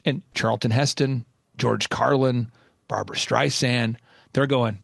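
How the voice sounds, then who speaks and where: A man's voice: medium pitch, steady tone, measured pace, gravelly, fairly bright tone, no echo. Man, middle-aged, business coach host, emphatic, storytelling, dry sound. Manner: emphatic, storytelling, repeats key phrases. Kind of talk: energetic coaching monologue. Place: office with installations going on.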